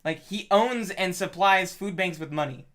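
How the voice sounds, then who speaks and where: A woman's voice: on the low side, moderate pace, fairly bright tone. A woman co-hosting a podcast in casual chat, joking and rambling with crude humor. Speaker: podcast co-host.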